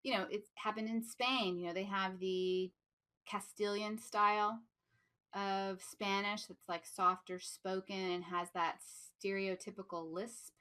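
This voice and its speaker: An American woman co-hosts a podcast and tells PR stories in an animated, easy way, often laughing. Her voice has a bright, forward edge at a middle pitch. The talk is relaxed and casual. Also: a little slow. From United States. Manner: animated storyteller, laughs easily. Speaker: podcast co-host, PR professional.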